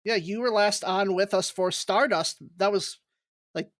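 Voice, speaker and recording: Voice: mid-range voice, a little slow, dry recording, clean studio sound. A podcast host opening the show and introducing guests in a casual, friendly manner.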